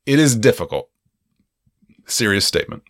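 A man co-hosting a casual film-review podcast, rambling and animated, laughing often. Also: fairly low pitch, moderate pace, no room sound, studio quality. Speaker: podcast co-host.

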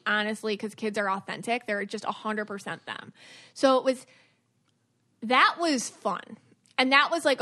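A woman podcast host and aura reader telling stories from her past in an animated, chatty way. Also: medium pitch. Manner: animated storytelling with many fillers. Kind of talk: casual podcast chat.

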